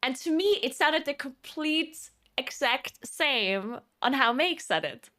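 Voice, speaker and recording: A woman's voice: high-pitched, expressive, takes it slowly, sharp tone. A woman streamer chatting casually in a rambling way, laughing often.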